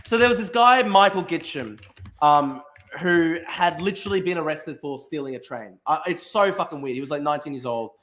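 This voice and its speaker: A young Australian man hosting a podcast, telling a story in casual chat with lots of restarts and swearing. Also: fairly high pitch. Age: young adult. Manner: rapid, animated, with frequent restarts and swearing. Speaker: podcast host.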